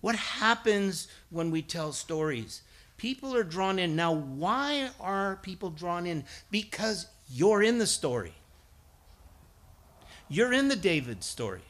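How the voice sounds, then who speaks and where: A middle-aged man preaching a sermon with a bright, forceful tone. His pitch swings widely as he tells stories, acts out other people's voices and rises to emphatic high points. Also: sing-song, slow pace. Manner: storytelling, acts out voices, builds to emphatic peaks. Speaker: guest preacher and schoolteacher.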